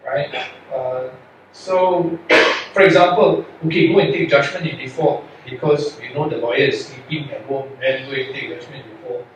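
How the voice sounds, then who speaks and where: A man, a lawyer, giving an earnest, rambling talk to young lawyers, full of rhetorical questions. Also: on the high side. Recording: echoey hall from far off, faint noise.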